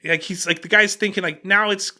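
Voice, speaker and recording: A man hosting a casual podcast, telling an animated story and restarting his sentences often. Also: high-pitched, fairly quick. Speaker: podcast host.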